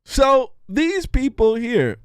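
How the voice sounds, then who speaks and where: A man's voice: extremely high pitch, very animated, slow pace, clean tone, dry recording, clean studio sound. A man hosting his own show, delivering a mocking, jokey political commentary monologue. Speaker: show host.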